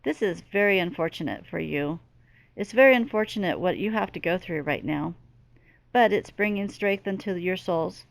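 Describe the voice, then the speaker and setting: On the low side and creaky but with lively intonation, a middle-aged woman channels as a medium at a moderate pace, with no echo. She is earnest and emphatic, circling back through heavy repetition.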